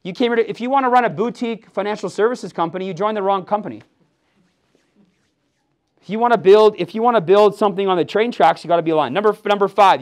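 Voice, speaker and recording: A man in his forties with a rather high voice drives home a motivational sales training talk. He is fired up and punchy, firing "yes or yes?" back at his team. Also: quick pace. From Milwaukee, USA. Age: 40s.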